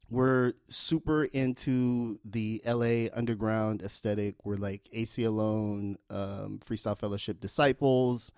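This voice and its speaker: Man, forties, relaxed rambling storyteller, fillers, close dry sound. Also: lowish voice, unhurried, few pauses, clear, resonant tone, no room sound. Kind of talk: casual spoken anecdote.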